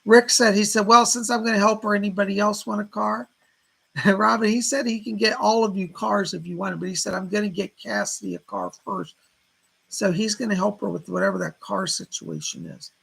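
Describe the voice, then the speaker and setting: Male psychic medium, very gravelly, raspy, live-stream reader. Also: sits high, fairly quick, fairly bright tone, low-quality recording. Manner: relays spirit messages as quotes, thanks donors by name.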